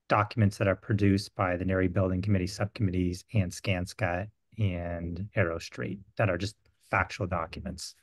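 A man with a very deep voice explains his view steadily as a committee member on a video call. His sound is dry, with no room echo around it. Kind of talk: remote committee meeting discussion.

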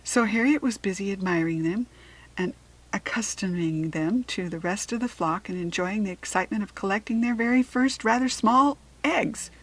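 A woman narrating a storybook aloud in a gentle, measured read-aloud manner. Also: medium pitch, rough recording. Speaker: storybook reader.

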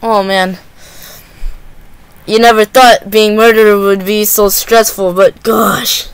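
A man giving excitable live gameplay commentary, full of gasps and repeated exclamations. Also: sits high, slow pace, clean tone, no room sound. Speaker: gaming channel host.

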